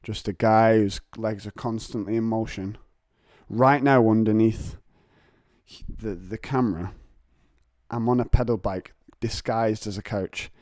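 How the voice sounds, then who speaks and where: A man's voice: lowish voice, steady tone, unhurried, a little mellow, no echo, studio quality. An English man hosting a casual solo podcast from home, rambling and digressive with self-mocking humour. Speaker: podcast host. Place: home, on a couch.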